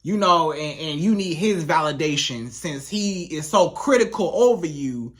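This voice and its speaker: With an animated, medium-pitched voice at normal speed, a relationship coach addresses the viewer directly. The advice is casual and emphatic, with points repeated for stress.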